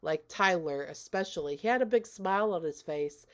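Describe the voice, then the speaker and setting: Chatty woman recapping a movie, lowish voice. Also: expressive, moderate pace. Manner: chatty, retells scenes with lots of "like" and quoted dialogue. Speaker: movie reviewer. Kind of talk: casual spoken movie recap.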